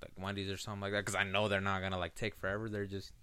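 A man co-hosting a casual podcast chat, telling stories in animated, slangy talk. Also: sits low, rapid-fire, clean tone, dry recording. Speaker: podcast co-host.

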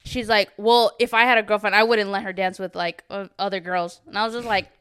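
A woman's voice: mid-range voice, brisk, clear, resonant tone. A young woman co-hosting a podcast, telling a story in a casual chat and acting out what people said, with some swearing. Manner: animated storytelling, acts out quotes, swears. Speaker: podcast co-host.

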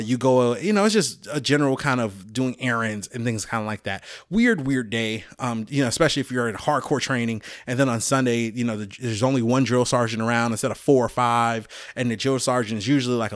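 A man in his forties from Chicago, talking casually as a podcast host. He tells loose, rambling stories and laughs at himself along the way. His voice sits at an ordinary pitch, and the sound is dry and close. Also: fairly quick, few pauses, no echo. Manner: rambling, chatty storyteller who laughs at himself.

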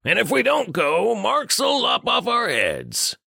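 A man voicing a snide, smelly, waddling male adventurer who shouts in a high, strained voice. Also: huge pitch swings, takes it slowly, creaky, breathy edge, dry recording, studio quality, full character voice.

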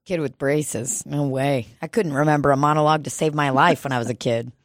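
A woman's voice: deep voice, steady tone, fast talker, dry recording, studio quality. A woman in casual comedic chat, loose and swearing, laughing often through stories.

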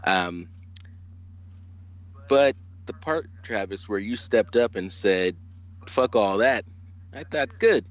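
An excitable man from California hosts the chat in a lowish voice, laughing and swearing freely. The sound is slightly dull and lo-fi. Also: slow pace, pauses often. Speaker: podcast host. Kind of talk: casual podcast chat.

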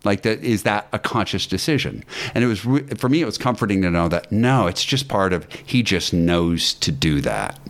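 Guest actor, very deep male voice, rambling storyteller with ums and false starts. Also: animated, moderate pace, hardly any pauses. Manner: anecdotal, hesitant with ums and restarts. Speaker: guest actor and acting teacher. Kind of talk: casual podcast storytelling.

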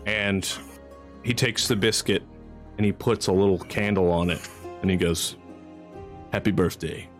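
A man narrating as game master in a tabletop game, laid-back and quick to laugh. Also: deep voice, soft background music.

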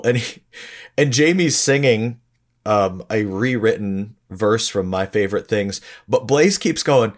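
A man's voice: fairly low pitch, lively intonation, a little slow. A man co-hosting a podcast, chatting casually about songs in a laid-back, chuckling way. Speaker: podcast co-host. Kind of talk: casual music review chat.

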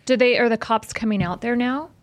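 A woman co-hosts a podcast, asking questions in a playful, teasing way. Her voice sits at an ordinary pitch, and it is recorded dry and close, with no room echo. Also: fairly quick. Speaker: podcast co-host. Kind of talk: casual chat.

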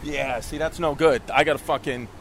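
A man's voice: fairly high pitch, gravelly, slight background noise. A middle-aged man, chatting casually and profanely as a comedian guest while walking outdoors through city streets and a park. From Queens, New York. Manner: fast, profane, excitable.

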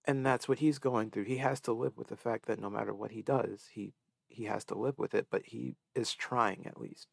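A man's voice: mid-range voice, steady tone, normal speed, vocal fry, no room sound, studio quality. A man in his twenties chatting earnestly on a podcast, sniffly and stuffed-up as if from crying. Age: 20s. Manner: earnest, emotional, reflective. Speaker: podcast co-host. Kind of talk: casual chat.

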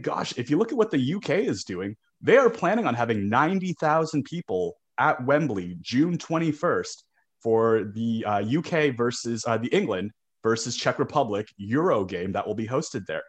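Man, sports podcast co-host, casual chat, halting restarts. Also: medium pitch, slightly rough. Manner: talkative, repeats words when starting sentences.

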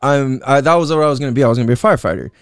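Young guy, casual storyteller, mid pitch, rambling and profane, dry close sound. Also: expressive, very fast, smooth, dry recording. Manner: rambling, profane, heavy with "like" and "you know what I'm saying". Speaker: podcast host telling his story.

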